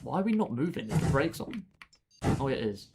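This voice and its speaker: A man's voice: a little high, sing-song, brisk. Joking young man streaming a game. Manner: joking, boastful, answering chat. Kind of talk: casual live-stream chat. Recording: clear background noise.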